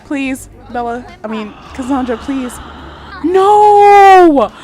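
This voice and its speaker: Woman, gaming commentary, excitable and chatty, slightly high voice, loud background music. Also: measured pace. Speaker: gaming vlogger. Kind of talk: casual let's-play commentary.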